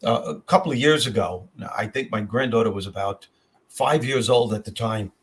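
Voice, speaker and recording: Telling personal stories with real feeling, an older podcast host chats casually and tends to repeat himself as he talks. He has a fairly low voice and a moderate pace, with a little hiss or hum in the audio.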